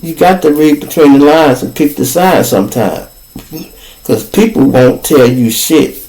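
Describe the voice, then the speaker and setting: This man speaks unhurriedly in a mellow, slightly high voice, heard through a low-quality recording. A Chicago native with the local accent, he hosts his own show and recounts a street story in profane, casual slang, playing both parties in the argument.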